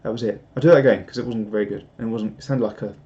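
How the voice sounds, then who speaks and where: A man's voice: on the low side, steady tone, racing, dark tone, muffled recording. A man rambling casually on a live stream, laughing at himself. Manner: rambling, self-mocking, laughs often.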